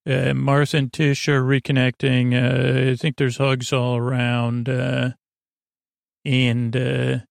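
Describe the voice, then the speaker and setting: A man hosting a podcast, casually recapping an episode in a rambling, halting way with lots of filler sounds. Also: medium pitch, monotone, creaky, no echo, studio quality. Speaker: podcast host.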